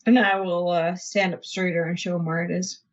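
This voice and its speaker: A woman's voice: fairly low pitch, little pitch movement, normal speed. A woman playing a character in a tabletop role-playing game, speaking in a pleading way in character. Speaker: player. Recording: muffled lo-fi audio.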